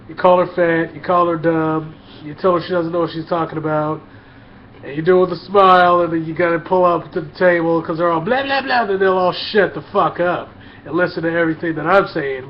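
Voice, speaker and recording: A man in a crude, swearing comedic rant, blunt and repetitive as he stumbles through his points. His voice sits slightly higher than most men's, and the recording is dull and lo-fi with a faint hiss beneath it. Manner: crude, blunt, repeats himself. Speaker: vlogger.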